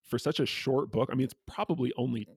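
A man co-hosting a casual book discussion, retelling a picture book and slipping into quick quoted voices. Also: mid-range voice, creaky, slightly rough, dry recording. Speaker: co-host.

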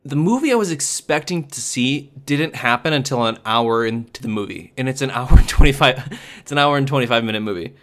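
Man, casual movie recap, rambling and chatty, mid-pitched voice. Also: lively intonation, fairly quick, fairly bright tone. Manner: chatty, rambling, lots of fillers and restarts. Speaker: movie reviewer. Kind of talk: casual spoken review.

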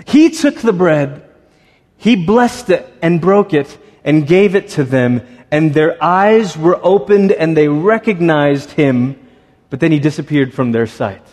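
Male pastor with a high voice, preaching conversationally with lively asides, church hall reverb. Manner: conversational, animated storytelling with quick asides. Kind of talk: sermon. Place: church sanctuary.

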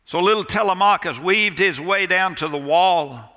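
A male pastor delivers a sermon in a church sanctuary, and his high, very bright, forceful voice fades into a long hall reverb. He tells the story slowly and deliberately, pausing for drama and sinking almost to a hush for emphasis.

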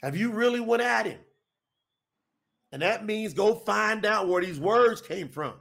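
A man, preaching to an audience in a folksy, animated, repetitive way. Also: sits high, unhurried, creaky. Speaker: preacher and co-host.

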